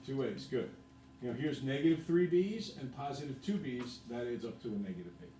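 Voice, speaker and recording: A man's voice: medium pitch, expressive, brisk, dark tone, slight background noise. A man who teaches math, lecturing his class and then working through problems with his students.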